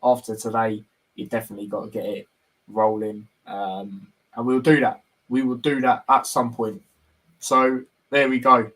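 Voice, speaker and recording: A man's voice: mid-range voice, flat delivery, normal speed, a bit bright, rough recording. A young man hosting a football talk stream, laid-back and casual, leaning on fillers as he wraps things up. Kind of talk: casual chat. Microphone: phone on mobile data.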